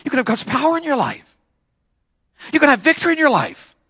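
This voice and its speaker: A man's voice: very high voice, huge pitch swings, fast talker, pushed and bright, dry recording, clean studio sound. A man preaching to teenagers as a pastor, calling out to the crowd and repeating his points. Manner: preaching with call-and-response and repetition. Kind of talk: sermon to teenagers.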